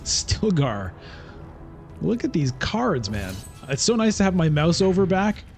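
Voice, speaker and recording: A man's voice: high-pitched, very animated, unhurried, soft background music. A man giving casual, chatty commentary as he plays a digital board game, thinking aloud. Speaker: streamer.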